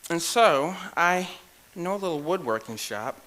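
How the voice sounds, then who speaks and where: Bright-voiced young man giving an emotional ceremony speech. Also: fairly high pitch, lively intonation, unhurried. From United States. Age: young adult. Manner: heartfelt, repetitive cadence, laughs at own jokes. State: shaking with nerves, near tears. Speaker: outgoing student government president giving a speech. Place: university event room.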